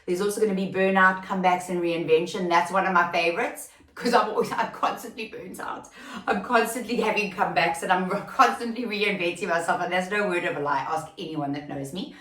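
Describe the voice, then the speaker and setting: A woman's voice: fairly low pitch, fairly quick, echoey room, distant mic. A woman hosting a casual solo podcast, chatty and rambling with many fillers and restarts, recorded without proper podcast gear. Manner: grows emotional and excitable near the end. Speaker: podcast host and recruitment company founder. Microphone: no proper podcast mic, recorded without studio gear.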